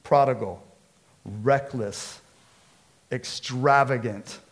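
Pastor guy telling stories in a sermon, animated, acts out voices. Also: mid-range voice, extremely slow. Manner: storytelling, animated, acts out quotes.

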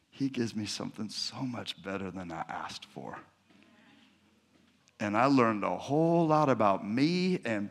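Man preaching with personal stories. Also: fairly low pitch. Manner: animated storyteller acting out dialogue. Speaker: pastor. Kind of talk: sermon with personal storytelling.

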